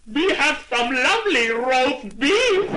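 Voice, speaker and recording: A man voicing an excitable male delicatessen owner who shouts in a storybook. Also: very high-pitched, background noise, voice pushed up, heavily acted. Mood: bellowing. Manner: bellowing, drawn-out shouts.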